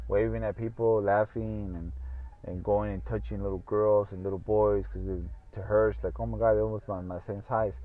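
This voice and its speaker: A man hosting a podcast in casual solo talk, rambling and swearing freely with lots of fillers. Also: on the low side. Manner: rambling, profane, full of fillers. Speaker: podcast host. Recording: tinny phone-like audio.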